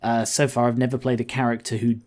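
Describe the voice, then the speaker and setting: Man, game-commentary host, mid-pitched and dark-toned, rambling asides. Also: level tone, quick pace. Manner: rambling, thinks aloud with fillers and asides. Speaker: let's-play host.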